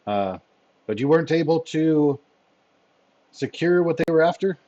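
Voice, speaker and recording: A man voicing a formal male spy chief who speaks in a measured, dryly wry way. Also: fairly high pitch, animated, dark tone, lo-fi sound, voice pushed up.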